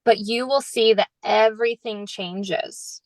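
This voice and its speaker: A woman's voice: on the high side, fairly even intonation, slow, no echo, poor audio. A woman author chatting on a podcast, talking in an earnest, reflective, spiritual way. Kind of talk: casual podcast chat.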